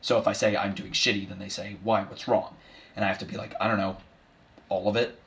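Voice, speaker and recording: A man's voice: on the low side, little pitch movement, fairly quick, a bit bright. A man playing a bitter, washed-up middle-aged male horse who delivers a sardonic, self-deprecating eulogy for his mother. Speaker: son giving a eulogy. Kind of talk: comedic dramatic monologue.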